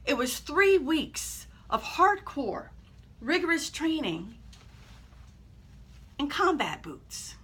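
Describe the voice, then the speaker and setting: A woman giving a motivational speech, telling a story dramatically with acted-out shouts and pauses. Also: sits high, sing-song. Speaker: motivational speaker.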